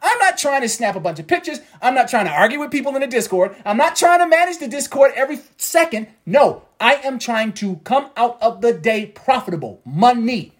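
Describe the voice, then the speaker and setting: A man's voice: very high-pitched, sing-song, a little fast, hardly any pauses. A man coaching traders in a motivational talk, preachy and repeating his points for emphasis. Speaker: trading coach.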